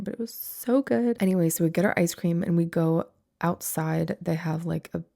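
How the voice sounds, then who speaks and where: A woman's voice: mid-range voice, creaky, mellow. A young woman in her twenties hosting a solo podcast, chatting casually with lots of "like" fillers and frequent laughter. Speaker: podcast host.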